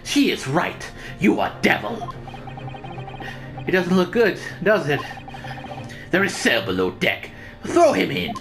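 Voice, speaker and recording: A woman's voice: on the low side, sing-song, slow pace, long pauses, over music, full character voice. A woman voicing a blunt Russian ship captain in a put-on Russian accent and broken English. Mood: stern.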